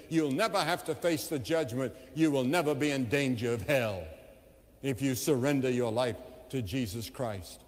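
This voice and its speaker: A man evangelist preaching a sermon, telling the story with impassioned rises and hushed drops, recorded in a large evening crusade venue with long reverb. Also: medium pitch, normal speed.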